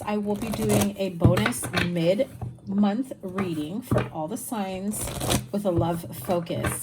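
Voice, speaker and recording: Over a noisy background, a woman with a medium-pitched voice gives a casual tarot reading. She sounds tired, chatty and rambling, filling her speech with fillers and laughs.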